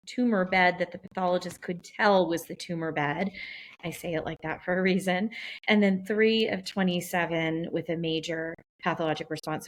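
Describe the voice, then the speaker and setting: Lower-pitched woman, podcast co-host, walks through the research step by step. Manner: methodical, detailed explaining. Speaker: podcast co-host and melanoma specialist. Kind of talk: medical podcast discussion.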